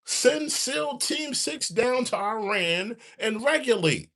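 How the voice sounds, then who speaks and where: A man with hosts a casual commentary stream. He talks in a high, lively voice that jumps around in pitch, circling back to the same points over and over. His delivery is loose and animated, like a live rant to his chat. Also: slow, vocal fry. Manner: animated, repetitive, rants and mock-sings. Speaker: commentary show host.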